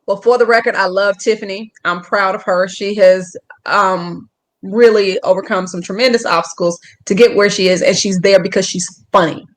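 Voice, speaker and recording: A young woman comedian with an Atlanta accent, chatting in a casual interview over a call, animated and joking. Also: mid-range voice, moderate pace. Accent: Southern US, Atlanta. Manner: animated, joking, slips into put-on voices. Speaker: comedian guest. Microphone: phone or video call.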